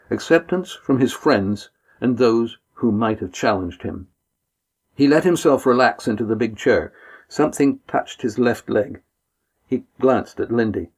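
Husky male audiobook narrator. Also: mid-range voice, a little mellow. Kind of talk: scripted narration.

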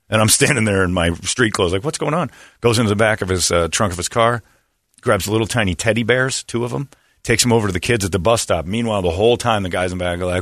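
A middle-aged man hosting a radio talk show, telling a lively story and acting out the people in it. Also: fairly low pitch, fast talker, dry recording, studio quality. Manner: animated storyteller acting out quotes. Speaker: radio host.

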